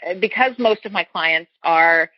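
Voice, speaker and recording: A woman with a husky, slightly breathy voice talks earnestly as a guest coach. She explains her points with homely comparisons and often restarts her sentences. The sound is dry and a little dull and lo-fi. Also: fairly low pitch, unhurried, no room sound. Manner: earnest, explains with everyday analogies, frequent restarts. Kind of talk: casual interview chat.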